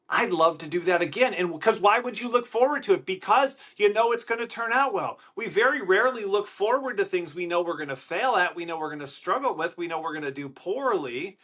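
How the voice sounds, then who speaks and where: Wisconsin-accented male podcast host, high and sharp, nasal, loud and emphatic motivational talker. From Wisconsin, USA. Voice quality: nasal, slightly congested-sounding. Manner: loud, excited, emphatic delivery. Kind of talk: energetic motivational podcast monologue. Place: hotel room.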